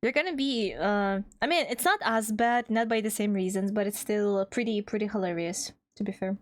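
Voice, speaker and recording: A woman's voice: mid-range voice, normal speed. A young woman with a Russian accent, a VTuber chatting casually on a livestream, reading chat aloud and laughing often. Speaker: VTuber streamer.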